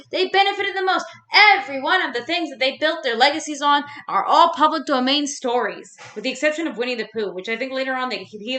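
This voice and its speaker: A young woman vlogging at home, ranting casually with plenty of swearing and fillers. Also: high voice. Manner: rambling, swears freely, animated ranting with fillers. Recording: roomy echo.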